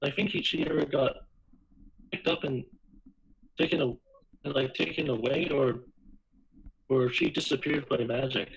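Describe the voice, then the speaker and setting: A man's voice: medium pitch, steady tone, normal speed, gravelly, long pauses, slightly rough, rough recording. A man playing a tabletop game, describing his character's actions and repeating words as he gets sentences started. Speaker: player.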